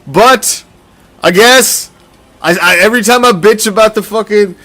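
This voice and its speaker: A man hosting a casual sports commentary show, talking in an animated, profane, rambling way. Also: sits high, unhurried. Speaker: host.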